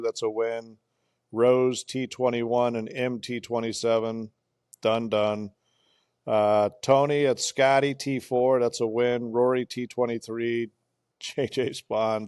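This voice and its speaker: A man with a smooth, resonant voice chats casually and runs through quick recaps. He is recorded on a close mic with a dry sound. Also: medium pitch, a little mellow, dry recording. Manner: chatty, recaps picks in quick lists. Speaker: podcast co-host. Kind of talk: casual chat.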